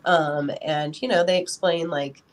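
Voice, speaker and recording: A woman who's a podcast guest talks casually as a parent in an interview. Her voice sits low with fairly even intonation and a slightly slow pace, and she rambles, filling her speech with lots of "you know."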